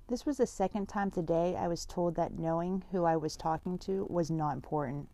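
A woman's voice: lowish voice, moderate pace, few pauses, mellow. A woman reading a first-person story aloud in a plain, conversational way.

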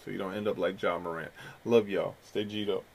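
A man's voice: sits low, fairly even intonation, fairly quick, creaky, slightly rough. Laid-back, profane male podcast host. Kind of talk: casual podcast commentary.

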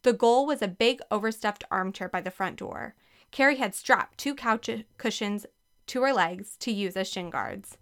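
A woman narrating a children's storybook with a lively, expressive reading. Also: medium pitch, moderate pace, clean tone. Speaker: audiobook narrator.

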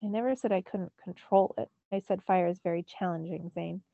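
A woman reading a storybook's calm, commanding male god mentor, speaking steadily and a little lower and softer than her narration. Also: a little fast, gravelly, no echo, phone-quality sound.

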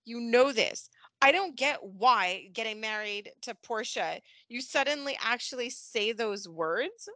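A woman co-hosting a podcast in casual chat, animated and laughing, acting out characters' lines. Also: on the high side, measured pace, no echo. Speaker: podcast co-host. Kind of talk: casual chat recapping a soap opera.

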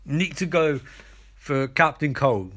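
A man's voice: on the high side, animated, slow, fairly bright tone, exaggerated voice. A man doing a flustered young hero. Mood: exasperated.

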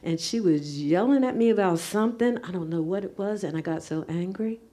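A woman's voice: lowish voice, brisk, dark tone. A woman recounting a childhood memory to a group in an earnest, reflective way. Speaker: group participant. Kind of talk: personal story in a group discussion.

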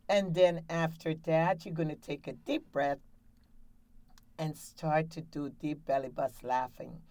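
A woman's voice: deep voice, fairly even intonation, a little slow, warm tone, no echo. A woman hosting a laughter exercise show from a studio, guiding breathing and cheering listeners on in an upbeat way. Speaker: laughter yoga coach and show host.

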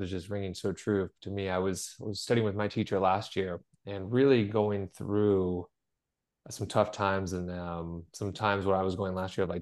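A middle-aged man with a fairly low voice talks in an open, earnest way on a podcast. He tells stories from his own life and acts out what other people said to him. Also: a little mellow. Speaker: podcast co-host. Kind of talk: conversational podcast chat.

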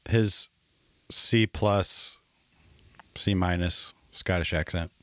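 A man's voice: sits low, steady tone, extremely slow, bright, forceful tone, dry recording. A man in his forties co-hosting a podcast, cracking sarcastic jokes in casual banter. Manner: joking, sarcastic asides. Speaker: podcast co-host.

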